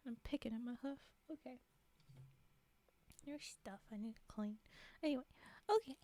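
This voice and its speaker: Giggly high-voiced woman streamer, unhurried. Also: gravelly, warm tone. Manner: giggly, rambling, self-mocking. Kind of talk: casual live-stream chat. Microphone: desk microphone.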